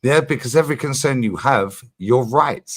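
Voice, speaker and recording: Brief: male streamer, mid-pitched, lively and insistent, hammers his points home with swearing. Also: normal speed. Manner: animated, emphatic, swears freely, repeats his points. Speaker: streamer host. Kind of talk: casual livestream chat.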